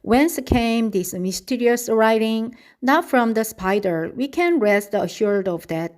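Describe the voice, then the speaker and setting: A woman reading a children's storybook aloud at a steady, careful pace. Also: on the high side, unhurried.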